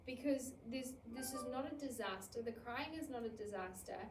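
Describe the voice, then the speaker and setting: A New woman with a fairly high voice gives an animated childcare talk, acting out everyday scenes. She sounds set back from the mic in an echoey room. A faint hiss sits under her voice. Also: moderate pace, recorded from a distance. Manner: animated, acts out scenarios in quoted voices. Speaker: early childhood educator.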